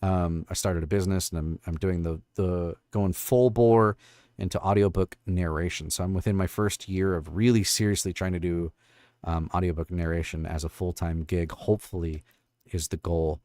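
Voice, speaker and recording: A man's voice: low-pitched, fairly even intonation, normal speed, darkish tone, no echo. A man hosting a casual livestream, rambling and thinking aloud as he fiddles with his stream tools. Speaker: livestream host and voice actor. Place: home studio.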